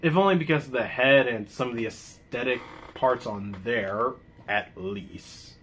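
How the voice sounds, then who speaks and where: A man casually reviewing a show, rambling and laughing, with loud excited outbursts. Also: mid-range voice, measured pace, a little hiss or hum. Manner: rambling, laughs often, exclaims loudly.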